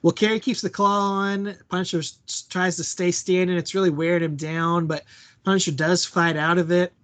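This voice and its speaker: A man with a somewhat higher voice co-hosting a casual podcast. He recaps a wrestling match in a relaxed, joking way and chuckles often as he talks. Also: moderate pace. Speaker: podcast co-host.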